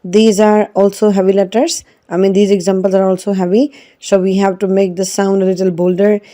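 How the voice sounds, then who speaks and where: A woman's voice: mid-range voice, level tone, a little fast, warm tone. A woman teaching an online Quran reading lesson, patiently drilling each syllable and repeating it. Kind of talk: slow spelled-out online lesson.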